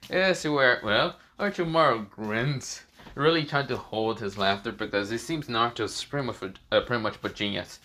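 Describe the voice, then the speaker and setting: Bright-voiced rambling young storyteller man. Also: on the low side. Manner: rambling, with many fillers. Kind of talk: casual fan story narration.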